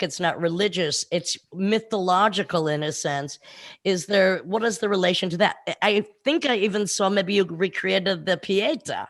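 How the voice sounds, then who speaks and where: A woman's voice: lowish voice, dry recording, studio quality. Playful woman hosting a casual interview. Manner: playful, teasing, quick follow-up questions. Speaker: podcast host.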